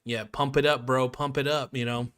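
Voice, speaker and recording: A man's voice: medium pitch, flat delivery, moderate pace, fairly bright tone. Laid-back joking man streaming. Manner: laid-back, joking, rambling, swears casually. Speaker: live-stream host. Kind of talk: casual live-stream chat.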